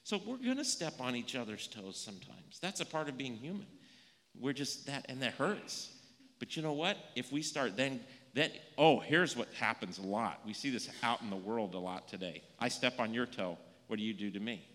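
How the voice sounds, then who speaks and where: A man's voice: medium pitch, normal speed. A man giving a playful children's sermon in a church. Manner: animated, playful, acts out little scenes. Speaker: pastor giving a children's message. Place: church sanctuary. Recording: echoey church room.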